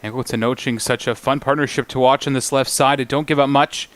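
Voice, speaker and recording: A man's voice: mid-range voice, fairly even intonation. A man calling live women's football play-by-play, naming players as the action moves. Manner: brisk play-by-play calling names. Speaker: play-by-play commentator.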